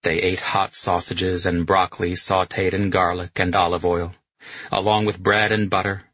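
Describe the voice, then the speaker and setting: A man reading an audiobook in a steady, measured way. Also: low voice, slightly rough, dry recording, highs cut off. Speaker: narrator. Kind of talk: audiobook narration.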